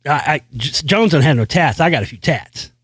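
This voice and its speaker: A man's voice: fairly high pitch, lively intonation, normal speed, a bit bright, husky, no echo, studio quality. A man hosting his own show, delivering a brash, boastful, profane rant full of repeated phrases. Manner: brash, boastful, heavy swearing, repeats himself. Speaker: show host. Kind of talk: profane ranting monologue.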